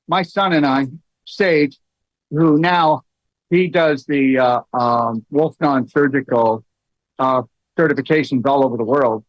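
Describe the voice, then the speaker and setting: A middle-aged man hosting a casual talk, telling stories with many fillers and animated asides. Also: fairly high pitch, a little slow, no room sound. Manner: storytelling, many fillers, rising into animated quoted lines. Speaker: host. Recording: dull, dry lo-fi sound.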